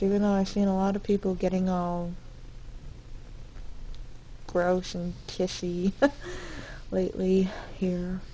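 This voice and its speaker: Young woman, dorm-room video diary: slow, rambling and candid, dark gravelly tone. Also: mid-range voice, a little hiss or hum, poor audio. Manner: rambling and candid, with frequent fillers and self-corrections. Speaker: vlogger.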